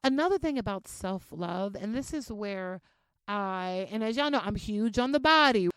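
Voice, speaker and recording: A young adult woman hosting a podcast, giving self-help advice in a casual, animated, profane way and drawing out her key points. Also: mid-range voice, normal speed, clear, resonant tone, dry recording. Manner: animated, profane, talks straight to listeners. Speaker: podcast host.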